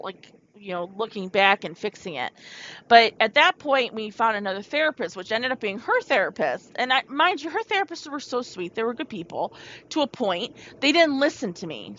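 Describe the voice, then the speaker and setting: Woman with a bright, kinda high voice, rambling and frank, talking right to viewers, dull lo-fi sound. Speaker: vlogger telling her own story. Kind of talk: candid confessional storytelling. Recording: dull lo-fi recording.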